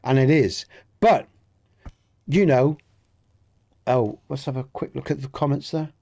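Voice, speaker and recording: A man with a Dorset accent from southwest England chats with live viewers during a game stream, rambling earnestly and often repeating or restarting words. His voice is mid-range, gravelly and dark, delivered at a measured pace.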